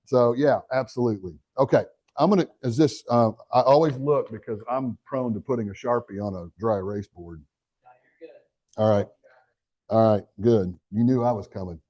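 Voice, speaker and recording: Energetic man leading a sales training. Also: mid-range voice, normal speed, muffled recording. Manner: energetic, talks straight to the audience with questions and asides. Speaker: real estate trainer. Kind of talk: live motivational training talk.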